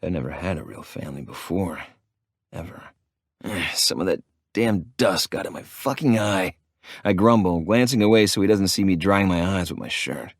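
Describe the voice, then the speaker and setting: A man narrating an audiobook in the first person, in a gruff, profane manner. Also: sits low, animated, moderate pace, no room sound, studio quality.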